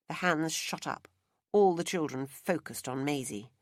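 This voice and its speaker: A woman narrating an audiobook in a measured, expressive reading. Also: low-pitched, no room sound, studio quality. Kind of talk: scripted narration. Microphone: close studio mic.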